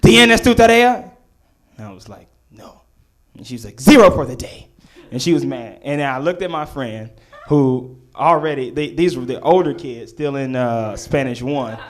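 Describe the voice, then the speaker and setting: A young man doing live stand-up, telling a story, acting out voices and rising to near shouts. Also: medium pitch, normal speed. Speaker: stand-up comedian.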